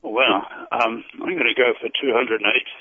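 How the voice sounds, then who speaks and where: A man's voice: mid-range voice, steady tone, moderate pace, breathy edge, dry recording. An English man phoning in to a radio show, answering quiz questions hesitantly and with good humour over a dull, lo-fi phone line. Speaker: caller.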